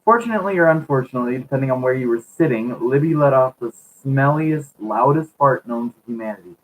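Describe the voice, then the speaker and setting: A man's voice: medium pitch, expressive, fast talker, slight background noise, low-quality recording. A man reading a children's book aloud for a video, repeatedly cracking up with laughter. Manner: giggly, keeps cracking up while reading.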